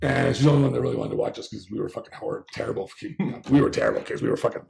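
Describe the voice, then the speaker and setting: A man's voice: mid-range voice, racing, creaky, a little mellow, echoey room, a little hiss or hum. A middle-aged man from Southern California, raised in Las Vegas, hosting a podcast in loose chat and telling rambling stories full of swearing. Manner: profane, rambling storyteller. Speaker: podcast host. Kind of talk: casual chat.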